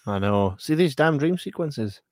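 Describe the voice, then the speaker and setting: A man's voice: a little high, animated, measured pace, a little mellow, no room sound, clean studio sound. Laid-back man hosting a watch-along. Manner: laid-back, laughs often. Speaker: host reading viewer comments. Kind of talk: casual watch-along chat.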